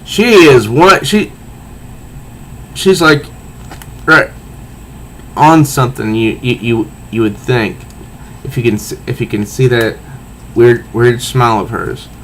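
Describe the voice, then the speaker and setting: Slow, halting man reviewing a comic. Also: mid-range voice, a bit bright, slight background noise, poor audio. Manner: halting, repeats words while recounting panels. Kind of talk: casual comic book review.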